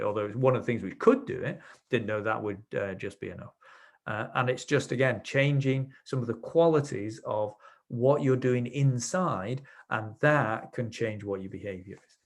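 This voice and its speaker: This NLP trainer has a medium-pitched voice with vocal fry. Teaching a webinar, he explains his ideas through session anecdotes and often begins sentences again.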